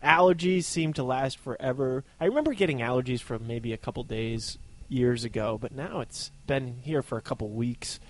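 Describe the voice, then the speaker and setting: A man co-hosting a casual podcast, chatting about his allergies with a slightly sore throat. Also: medium pitch. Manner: lively, quick to laugh, chatty. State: allergies, semi-sore throat, low energy. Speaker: podcast co-host. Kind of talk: casual chat.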